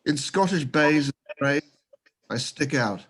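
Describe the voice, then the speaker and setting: Slow New Zealand man reading poetry. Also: a little high, animated, a bit bright, slightly rough. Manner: slow, measured recital. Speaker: poet reading his poem. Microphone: video call.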